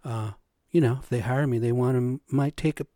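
A man's voice: mid-range voice, fairly even intonation, normal speed, warm tone, no room sound, clean studio sound. A man hosting a solo podcast, ranting in a profane, agitated way. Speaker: podcast host.

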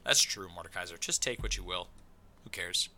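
A man's voice: sits low, moderate pace, sharp tone. A man hosting a casual podcast chat, loose and joking, full of fillers and playful asides. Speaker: podcast host.

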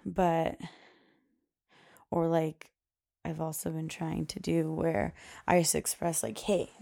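A young woman talks through motherhood on her podcast in a loose, rambling way, full of fillers and quick laughs. Her voice sits low, with a mellow, dark tone and a steady gravelly fry. She sounds unscripted and conversational. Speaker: podcast host. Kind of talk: casual chat.

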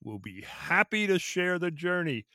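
A man's voice: high-pitched, very animated, a little slow, sharp tone, no room sound, studio quality. Friendly man hosting a podcast. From Philadelphia area. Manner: friendly, folksy, asks questions to the group. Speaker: podcast host. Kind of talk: casual chat.

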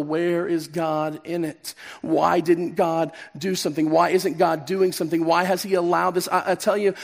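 A middle-aged male pastor preaching a sermon, swinging from emphatic peaks down to soft, quiet passages. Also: a little high, vocal fry. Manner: impassioned, rising to emphatic peaks then dropping soft. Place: church sanctuary.

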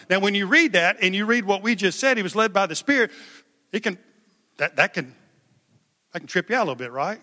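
A man's voice: high voice, animated, brisk, bright, forceful tone. A male pastor preaching a sermon in an emphatic, conversational way, calling on the congregation to respond. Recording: long hall reverb.

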